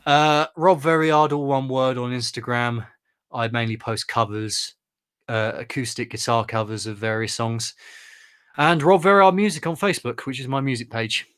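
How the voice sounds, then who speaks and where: A man's voice: medium pitch, moderate pace, a bit bright, clean tone. A man from England co-hosting a podcast in casual, jokey chat while wrapping up an episode. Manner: chatty, jokey sign-off banter. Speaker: podcast co-host.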